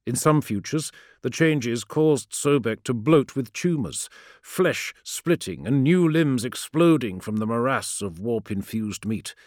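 A man narrating a fantasy audiobook in a steady, darkly dramatic way. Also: medium pitch, measured pace, no room sound, studio quality.

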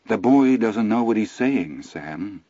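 A man narrator voicing a calm, cold, controlling middle-aged stepmother who speaks low and quietly cutting. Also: slow pace, no room sound, highs cut off. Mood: icy calm.

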